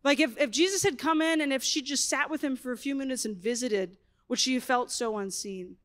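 A woman in her thirties delivers a conference talk full of stories and wry humor. Her voice sits high, and she keeps her delivery animated and expressive throughout. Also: brisk. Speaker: conference speaker.

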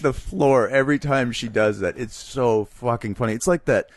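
A young man trading comic stories on a podcast, lively and quick to drop into character voices mid-sentence. His voice sits in an ordinary middle register and sounds close and dry, with no room around it. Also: medium pitch, no echo. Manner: animated storyteller who slips into impressions. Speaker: comedian guest. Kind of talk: casual podcast chat.

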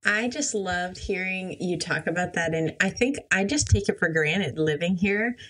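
Female podcast host, conversational interviewer, lower voice, affirming. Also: normal speed, a bit bright.

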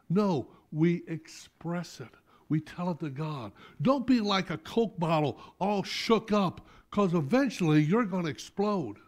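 A middle-aged man preaching a sermon as pastor in a church, animated, rising to loud appeals and dropping to soft asides. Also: high voice. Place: church sanctuary.

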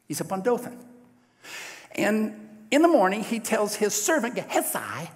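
A male preacher telling a Bible story in a sermon, lively and folksy, often asking the congregation questions. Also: high-pitched, moderate pace, in a large hall. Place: church sanctuary.

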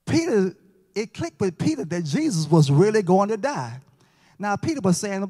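A man's voice: high voice, very animated, normal speed, warm tone, breathy edge. A man teaching a Bible lesson in church, folksy, joking with and quizzing the class. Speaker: Sabbath school teacher. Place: church sanctuary. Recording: long church reverb.

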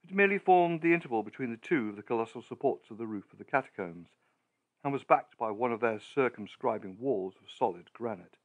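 A male audiobook narrator with a mid-pitched voice, reading a gothic tale at an unhurried, deliberate pace. Every sentence is shaped and paced with care. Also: expressive, phone-quality sound.

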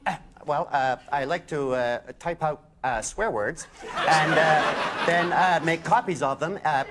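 A man's voice: on the high side, measured pace, close to an everyday voice. A man playing a sexually frustrated male office nerd in an improv game, hesitant and full of filler sounds. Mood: awkward. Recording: loud studio audience and noise.

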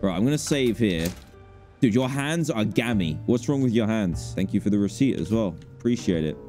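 A man's voice: fairly low pitch, animated, moderate pace, soft background music. A man, casually commentating a video game and joking as he plays. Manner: jokey, reacting aloud, bursts into panicked yelling. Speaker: gaming YouTuber. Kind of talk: casual let's play commentary.

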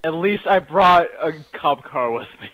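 A man's voice: fairly high pitch, expressive, measured pace, fairly bright tone, low-quality recording. A man in a multiplayer gameplay chat, flustered and laughing constantly at his own mistakes. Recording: voice chat over game noise.

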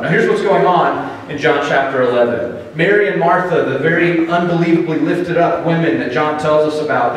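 An American man preaching a sermon as pastor, telling the story in a conversational, animated way with dramatic pauses. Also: fairly high pitch, a little hiss or hum. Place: church sanctuary. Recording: echoey hall, distant mic.

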